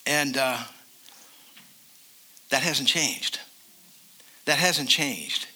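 An older man preaching a sermon as a pastor, emphatic, and slowing down to stress key phrases. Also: medium pitch, bright, forceful tone, slightly rough.

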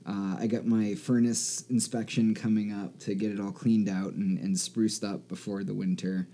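Easygoing man with a warm, dark voice. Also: on the low side, level tone, moderate pace. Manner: easygoing, laughs readily. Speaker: podcast co-host. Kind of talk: casual chat.

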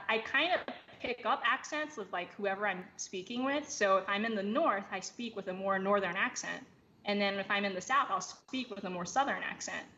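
A woman speaking casually as a podcast guest, explaining ideas with frequent fillers and restarts, picking up energy in animated bursts. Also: mid-range voice. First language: English. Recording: slightly dull lo-fi audio with faint background hiss.

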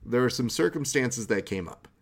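A man's voice: medium pitch, animated, normal speed. A man interviewing a fighter, asking questions in a supportive, conversational way. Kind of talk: casual interview.

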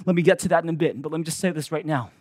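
A male pastor preaching a sermon with emphatic swings from loud to hushed, acting out the voices he quotes. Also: fairly high pitch, rapid-fire, no room sound, clean studio sound.

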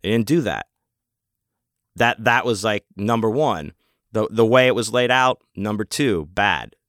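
A man tells a rambling, profane story in a relaxed, casual manner. His voice is low and smooth. The recording is dry and close, with no room sound. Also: measured pace, no echo. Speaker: convention vendor telling a story.

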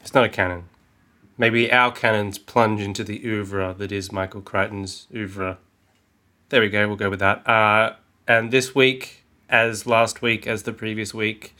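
A man with an Australian accent co-hosting a podcast, casual, jokey and quick to swear. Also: fairly low pitch, sharp tone. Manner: swears freely, jokey and self-mocking. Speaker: podcast co-host.

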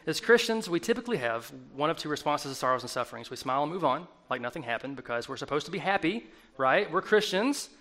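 A man, preaching a casual, animated sermon and acting out quoted voices as a worship leader. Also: fairly high pitch, fast talker.

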